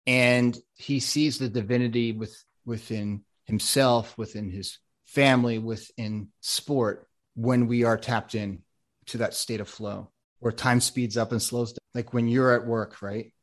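A man's voice: medium pitch, fairly even intonation, a little slow. Rambling, enthusiastic American man. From United States. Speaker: podcast guest, ADHD coach. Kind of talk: casual interview chat.

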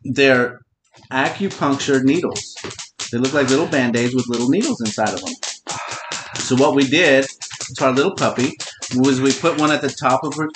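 A man's voice: medium pitch, moderate pace, over music. A middle-aged man hosting a podcast and telling a long story in a casual, profane, teasing way. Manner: profane, teasing, talks to his listener directly. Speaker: podcast host.

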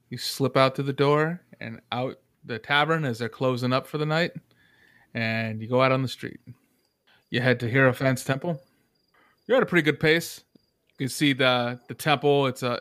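A man running a tabletop game as game master, describing scenes in a relaxed way with fillers. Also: mid-range voice, no room sound, clean studio sound.

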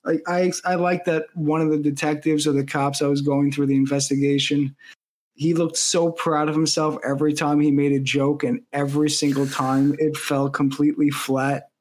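A man co-hosting a casual movie podcast talks enthusiastically about his favorite scenes in a movie-review chat. His voice is fairly high-pitched, his delivery flat, and he speaks at normal speed.

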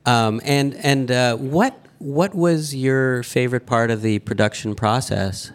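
A man's voice: medium pitch, measured pace. A man hosting a live interview with podcast finalists, joking and chatty, stumbling into restarts. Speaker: host. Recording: lively crowd and noise behind.

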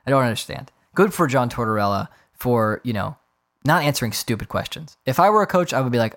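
A man's voice: mid-range voice, expressive, brisk, creaky, fairly bright tone. A man hosting his own podcast in a casual solo rant, exasperated and profane, often mocking others in put-on voices. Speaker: podcast host.

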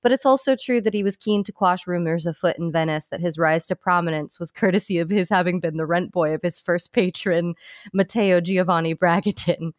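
A woman's voice: fairly low pitch, brisk, no echo. Dry-voiced woman reading history aloud. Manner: reads quoted passages then jokes. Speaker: podcast co-host reading history. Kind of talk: casual comedic history chat.

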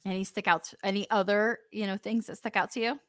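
A woman's voice: medium pitch, steady tone, brisk, fairly bright tone, no echo, clean studio sound. A woman co-hosting a sports podcast, chatting casually and thinking aloud. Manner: conversational, thinks aloud with fillers. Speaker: podcast co-host.

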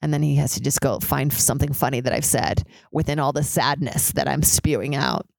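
A young woman hosts a casual solo podcast, rambling and swearing with lots of "like" fillers. Her voice is very deep, creaky and brisk, with fairly even intonation and no room sound. She's in a high-rise apartment, street sirens audible outside.

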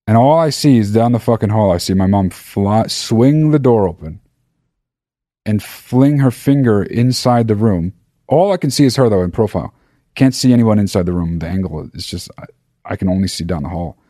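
Speaking at a normal speed in a lowish voice, a man hosts his own podcast and rambles through a profane, animated story in a casual monologue. The studio sound is clean, with no room sound.

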